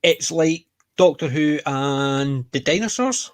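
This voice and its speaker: A man with a Scottish accent, co-hosting a casual podcast chat and retelling scenes with lively energy. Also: a little high, takes it slowly, no echo. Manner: chatty, animated retellings of scenes. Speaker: podcast co-host.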